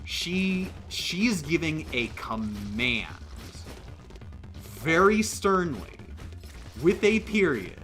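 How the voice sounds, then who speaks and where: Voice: mid-range voice, very animated, slow pace, a bit bright, faint music behind. A livestreamer chatting casually during a game stream, rambling with lots of fillers and emphatic restarts.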